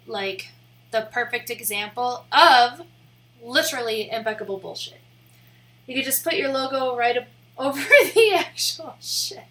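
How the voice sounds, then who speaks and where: A woman's voice: a little high, pushed and bright. A young woman streaming live, rambling in a casual, giggly way with lots of "like" fillers. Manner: rambling and giggly, heavy use of "like".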